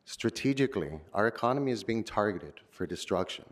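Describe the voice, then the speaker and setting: A man's voice: on the low side, animated, brisk. A man giving an earnest, prepared public comment at a city council podium microphone. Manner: solemn, earnest, declamatory.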